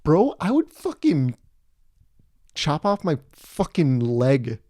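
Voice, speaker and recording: A man's voice: on the high side, wildly swooping pitch, takes it slowly, dry recording, studio quality, exaggerated voice. A man voicing an intense male motivational speaker who screams and swears without letup. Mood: yelling. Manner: yelling, profane, relentless.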